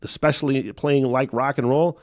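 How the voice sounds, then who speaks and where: A man's voice: medium pitch, fairly even intonation, normal speed, darkish tone. A middle-aged American man, a podcast host and former rock radio DJ, ranting casually with frequent swearing and laughter. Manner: profane, ranting, laughs often. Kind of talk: casual reaction commentary.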